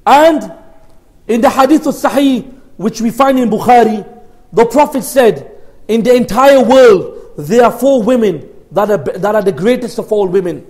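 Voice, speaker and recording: A man in his thirties giving a religious lecture, telling a story emphatically, at times raising his voice and at times dropping it low. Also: expressive, normal speed, rough recording. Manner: emphatic storytelling, loud outbursts and hushed asides.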